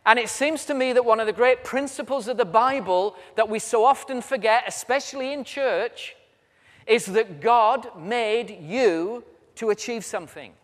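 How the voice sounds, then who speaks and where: A man's voice: very high voice, fairly bright tone. A British man preaching at a convention, telling stories with humor as he walks about. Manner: storytelling with humor, walks around while speaking. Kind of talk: sermon. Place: large convention hall. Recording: reverberant hall.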